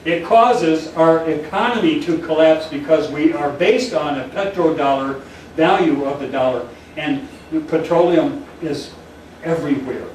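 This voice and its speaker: A man's voice: a little high, measured pace, a little mellow. A man speaking at a political meeting, rambling and telling a joke with acted-out voices. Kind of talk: public talk to a meeting. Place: meeting room in a church. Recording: echoey hall, far from the mic, crowd noise.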